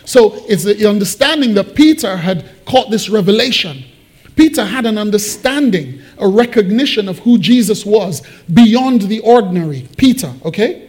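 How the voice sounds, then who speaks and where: A man preaching a sermon, explaining Bible verses and acting out the quotes with lively swings in his voice. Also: moderate pace, slightly rough. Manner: animated, acts out Bible quotes with big pitch swings. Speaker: pastor. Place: church hall.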